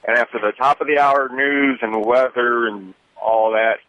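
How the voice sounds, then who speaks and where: A man's voice: medium pitch, steady tone, normal speed, a bit bright, no room sound. A man calling a radio show, sounding quirky and confused. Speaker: caller. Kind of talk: phone-in chat. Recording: thin phone line.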